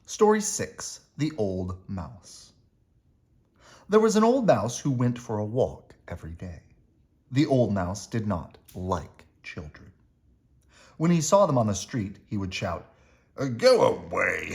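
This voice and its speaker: Male storybook reader, unhurried, animated pitch, expressive bedtime read-aloud. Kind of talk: children's read-aloud narration.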